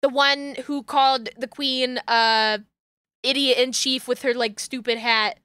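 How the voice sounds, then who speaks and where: A young woman streamer in casual chat, ranting excitedly and laughing, with bursts of shouting. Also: high voice, a little slow, smooth, dry recording.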